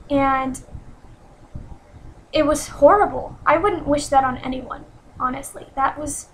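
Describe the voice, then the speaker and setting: A young woman in her twenties speaks in a high voice that stays fairly level. She talks earnestly and hard on herself, stopping often with ums and starting over, in a confessional home vlog. A faint hum of room ambience sits behind her. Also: a bit bright, rough recording. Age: 20s. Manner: earnest and self-critical, many ums and restarts. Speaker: vlogger.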